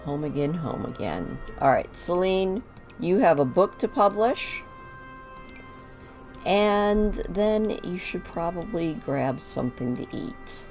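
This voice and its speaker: A woman's voice: fairly low pitch, lively intonation, slow, darkish tone, soft background music. A woman chatting casually as she narrates her own moves while playing a life-sim game. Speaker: gaming video creator.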